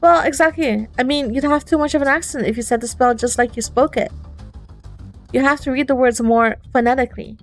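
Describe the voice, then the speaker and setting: A woman's voice: high-pitched, soft background music. A woman voicing a young student hero in a visual novel, worried and sarcastic, close to her own voice. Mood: evasive. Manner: sarcastic, quick-thinking, worried. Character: young time-looping student hero, anxious but defiant.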